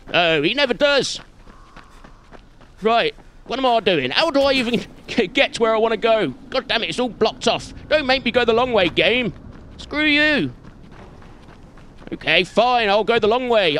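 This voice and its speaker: A man's voice: extremely high pitch, bright, forceful tone, a little hiss or hum. A man giving playful, theatrical let's-play commentary, talking back at the game and its zombies. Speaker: gaming channel host.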